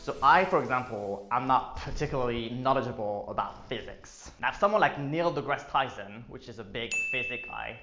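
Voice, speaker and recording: A man's voice: medium pitch, normal speed, hardly any pauses, sharp tone, soft background music. A man vlogging about marketing in a casual, joking explainer style with lots of fillers. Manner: joking asides, filler-heavy. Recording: echoey room.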